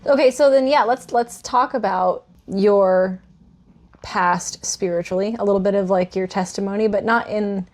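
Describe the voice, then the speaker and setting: A woman's voice: mid-range voice, moderate pace, a little mellow. A woman with a mid-range voice leads a casual podcast interview. She asks curious, encouraging questions and reflects back what she hears.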